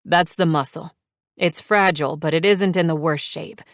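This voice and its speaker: Brief: a woman playing a calm, reassuring man doctor, low and even. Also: normal speed, no room sound, clean studio sound. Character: calm male club doctor, kind and steady.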